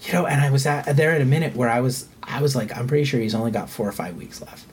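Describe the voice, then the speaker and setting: A man's voice: mid-range voice, quick pace, hardly any pauses, slight background noise. A middle-aged man telling a personal story in frank, casual conversation, swearing freely and livening up when he quotes people.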